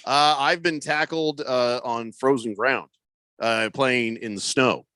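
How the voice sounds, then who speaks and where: A man with a mid-range voice hosts a sports radio talk show, speaking slowly in a sharp tone. He jokes around, laughs often, and reads listener messages aloud in casual banter. The studio-quality recording has no room sound.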